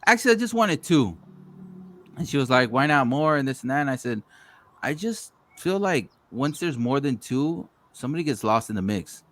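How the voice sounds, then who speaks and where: The podcast host speaks at a medium pitch in a sing-song, slightly bright voice at normal speed. He tells stories in a casual chat, swearing freely and voicing other people's lines.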